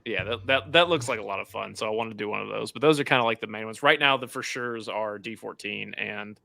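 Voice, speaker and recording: A man's voice: on the low side, fast, gravelly, bright, forceful tone, dry recording. A man co-hosting a podcast in casual chat, blunt and swearing casually. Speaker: podcast co-host.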